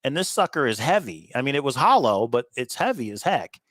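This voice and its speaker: A man's voice: medium pitch, very animated, fairly bright tone, dry recording. A man co-hosting a casual live stream, chatting upbeat about things he sold and answering viewer comments. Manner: chatty, upbeat, quick asides and chuckles. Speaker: livestream co-host.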